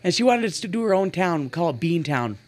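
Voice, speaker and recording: Brief: earnest, animated woman in her forties from Montana, guest telling stories. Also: lowish voice, fairly quick. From Montana, USA. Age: 40s. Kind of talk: casual storytelling in an interview.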